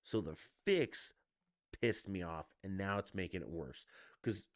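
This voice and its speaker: A man's voice: deep voice, animated, a little slow, dry recording, clean studio sound. A man on a live stream, ranting heatedly with heavy profanity about his sports team. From Denver.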